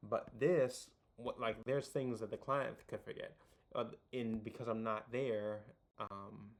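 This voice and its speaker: A man's voice: on the low side, steady tone, unhurried. A young man hosting a casual video tutorial, rambling with lots of fillers and restarts, and making self-deprecating jokes. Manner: self-deprecating, jokey asides.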